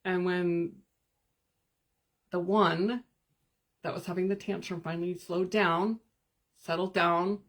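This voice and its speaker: Her voice runs low as this woman hosts a live stream, coaching viewers spiritually in a calm, gentle, meditative way. She leaves pauses and takes time to answer comments.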